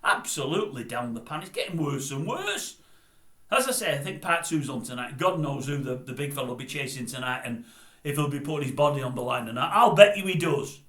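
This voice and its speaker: A man's voice: medium pitch, expressive, fast, fairly bright tone, reverberant. An older man with a Northern English accent, ranting bluntly and scornfully to camera as a vlogger. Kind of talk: grumpy rant to camera.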